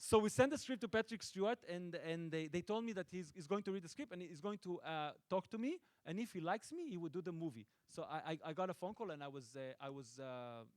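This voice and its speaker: A middle-aged Israeli man, a native Hebrew speaker and film director, answering audience questions with playful, deadpan jokes and frequent restarts. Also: high-pitched, fast, few pauses, dry recording. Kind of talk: joking audience Q&A. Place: stage at a film festival event.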